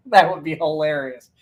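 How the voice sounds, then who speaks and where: A man co-hosting a casual podcast, joking around and laughing often, with quick short replies. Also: a little high, dull audio. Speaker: podcast co-host. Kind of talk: casual chat.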